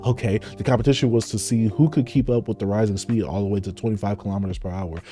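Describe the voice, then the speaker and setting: A man's voice: on the low side, fairly even intonation, fast talker, warm tone, soft background music. A man hosting a live comic reading, reacting animatedly and laughing often. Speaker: host reading a comic aloud.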